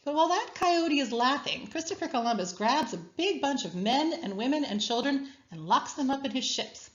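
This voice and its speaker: A woman reading a children's story aloud as a guest speaker, with expressive storytelling. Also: sits high, moderate pace, highs cut off.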